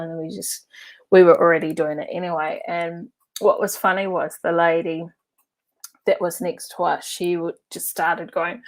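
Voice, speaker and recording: Speaking unhurriedly in a fairly low voice, an NLP and hypnotherapy coach mixes storytelling with teaching. She's loose and chatty, laughs while telling stories, and fills her speech with "uh" and "like."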